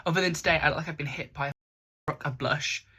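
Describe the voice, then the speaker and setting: A woman's voice: low-pitched, quick pace, pushed and bright, slightly rough. A young woman, chatting casually through a makeup tutorial in her bedroom, rambling and poking fun at herself. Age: young adult. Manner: rambling, chatty, self-mocking. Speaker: makeup vlogger.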